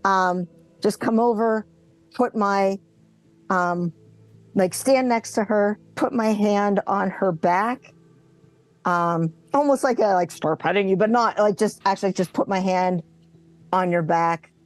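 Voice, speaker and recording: A woman's voice: mid-range voice, takes it slowly, faint music behind. A woman playing a tabletop horror game, describing her character's actions and slipping into reassuring in-character lines. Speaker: player. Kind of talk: casual tabletop role-play.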